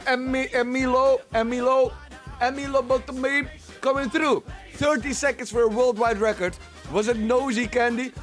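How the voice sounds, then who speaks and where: Streaming from his home, a man speaks in a very high, slightly bright voice. He chats casually and rambles, frequently repeating himself as he addresses his chat.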